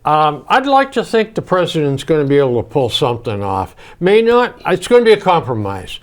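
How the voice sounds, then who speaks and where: An older man hosting a casual chat, telling jokey stories in an animated way. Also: fairly high pitch, fairly quick. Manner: animated, joking storyteller. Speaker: host.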